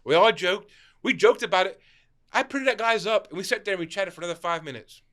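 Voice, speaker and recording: A young man who owns a shop, telling stories in a casual chat, animated and laughing, tagging his sentences with "right?". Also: high voice, fast talker. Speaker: store owner, podcast guest.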